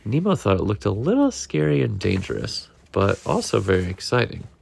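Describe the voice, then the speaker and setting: A man reading a picture book aloud to a child at home, in a gentle, unhurried storytelling manner. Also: fairly low pitch, sing-song, gravelly, breathy edge.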